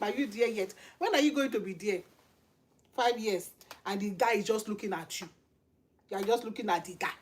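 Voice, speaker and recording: A woman's voice: mid-range voice, fairly quick. A middle-aged woman with a Nigerian accent, preaching informally and emphatically, firing off repeated rhetorical questions. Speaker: channel host and lay preacher.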